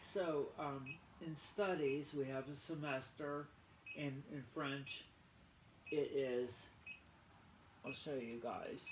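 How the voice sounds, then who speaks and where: A man's voice: mid-range voice, fairly even intonation, slow pace. A man vlogging casually, rambling and self-mocking, repeating words aloud to practise saying them. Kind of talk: casual vlog chat. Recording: roomy sound with clear background noise.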